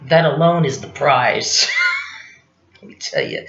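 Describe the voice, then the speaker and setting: A woman's voice: very deep voice, lively intonation, takes it slowly, long pauses, a bit bright. Rambling woman in her fifties, echoey room. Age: 50s. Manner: rambling, chatty, full of "you know what I'm saying". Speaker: stand-up comedian. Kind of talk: confessional comic monologue. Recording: roomy, dull lo-fi recording.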